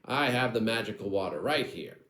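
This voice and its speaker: A man's voice: fairly low pitch, expressive, fairly quick, a bit bright, echoey room. A man playing a boastful, petulant young prince who taunts and brags.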